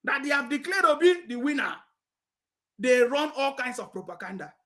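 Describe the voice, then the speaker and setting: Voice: high-pitched, very animated, normal speed, fairly bright tone. Mocking Nigerian commentator. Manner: taunting, laughs often, repeats "you understand me". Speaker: political commentator.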